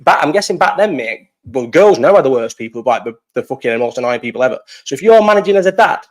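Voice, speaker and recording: A man's voice: mid-range voice, expressive, quick pace. A young man chatting casually on a live podcast, rambling, swearing and laughing often. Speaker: podcast co-host.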